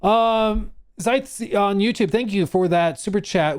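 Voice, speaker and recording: A man's voice: high voice, measured pace, hardly any pauses, clean tone. A man streaming live, ranting through reaction commentary with emphatic repetition. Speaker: streamer and host.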